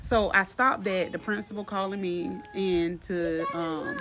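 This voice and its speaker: A woman telling a storytime about her school front-office job in a chatty, lively way, acting out everyone's quoted lines. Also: mid-range voice, a little slow. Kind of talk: casual storytime vlog.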